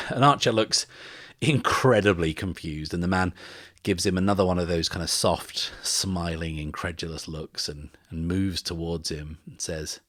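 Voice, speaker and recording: A man hosting a podcast and narrating a solo tabletop game in a relaxed, descriptive way. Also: low-pitched, measured pace, no echo, studio quality. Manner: relaxed, descriptive, uses fillers. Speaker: host and game master.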